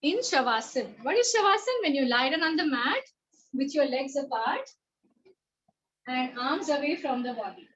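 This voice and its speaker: A woman with an Indian English accent, leading a playful online yoga class for children in an animated, sing-song, encouraging way. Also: high-pitched, moderate pace, pauses often, dull audio.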